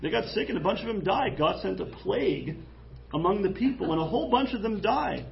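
High gravelly-voiced preaching man. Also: brisk, dull audio, a little hiss or hum. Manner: animated, jokey, acts out quoted voices. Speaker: pastor. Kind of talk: sermon. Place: church.

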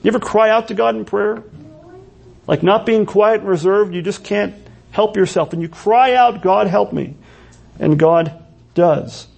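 A man's voice: high voice, unhurried, creaky, darkish tone. A man preaching a sermon in a church, earnest and full of rhetorical questions. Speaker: pastor.

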